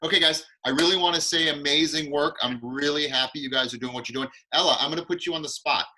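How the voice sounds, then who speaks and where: A man's voice: a little high, fast, pushed and bright, slight background noise, rough recording. A man hosting an online acting class over a video call, enthusiastic and encouraging.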